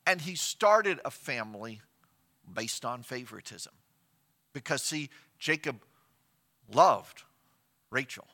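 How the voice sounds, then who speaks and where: A man preaching a sermon as pastor, retelling a scripture story with rhetorical questions and shifts between loud and soft emphasis. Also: mid-range voice, expressive, takes it slowly, pauses often.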